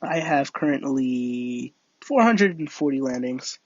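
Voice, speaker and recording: This young livestream gamer talks casually as he plays a flight game, wandering through an invented tale and stopping to restart often, with plenty of fillers along the way. His medium-pitched voice is husky and animated but a little slow, and the dry recording has its highs cut off.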